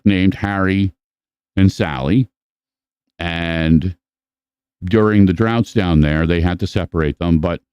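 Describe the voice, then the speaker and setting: Man, podcast host, casual chat, profane, rambling, smooth voice, dry sound. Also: low-pitched, no echo, muffled recording. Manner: profane, rambling, animated storyteller.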